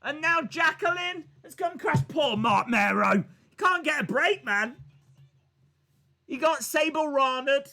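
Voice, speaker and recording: A man hosting a wrestling watch-along stream, giving excited live reaction commentary and joking, with bursts of shouting. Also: extremely high pitch, unhurried.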